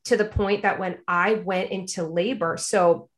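A woman's voice: mid-range voice, measured pace. A young adult woman in casual conversation, telling a personal story and acting out the people in it. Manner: animated storyteller, acts out quoted people.

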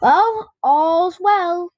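A woman voicing a kind teenage girl babysitter in a children's story, speaking gently. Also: very high-pitched, drawn-out words, dry recording, highs cut off, voice pushed up, exaggerated voice. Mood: gentle. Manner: gentle and soothing.

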